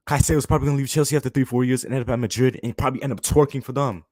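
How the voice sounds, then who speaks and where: A young man in a furious live-stream rant, calling everyone "bro" as he vents. His voice sits at an ordinary pitch and comes through a close microphone with no room sound at all. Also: very fast, few pauses, mellow, no room sound. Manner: heated, repetitive, says "bro" constantly. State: fuming. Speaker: fan channel host.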